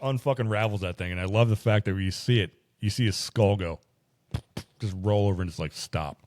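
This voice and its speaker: A man hosting a podcast, casually retelling a movie as an animated, profane storyteller. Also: lowish voice, brisk. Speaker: podcast host.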